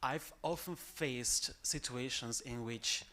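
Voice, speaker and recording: A man's voice: medium pitch, takes it slowly, sharp tone. Polite Spanish-accented man asking questions. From Spain. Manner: polite, hesitant, fillers. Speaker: audience member asking questions.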